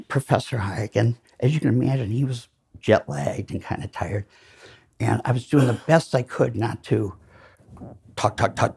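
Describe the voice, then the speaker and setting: A man's voice: medium pitch, gravelly, warm tone, breathy edge. An older man giving a lecture, telling rambling, self-deprecating anecdotes full of fillers. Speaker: lecture speaker. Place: lecture hall.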